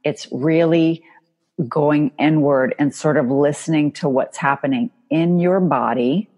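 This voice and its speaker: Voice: mid-range voice, a little slow, darkish tone. A host speaking thoughtfully and affirmingly in a casual call conversation.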